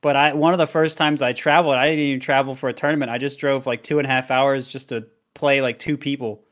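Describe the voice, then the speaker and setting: A man's voice: mid-range voice, fairly even intonation, fast, fairly bright tone. A young man speaking in an interview, candid and self-deprecating as he reflects on his past. He talks at an easy length, owning his limits plainly. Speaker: guest, competitive player and streamer.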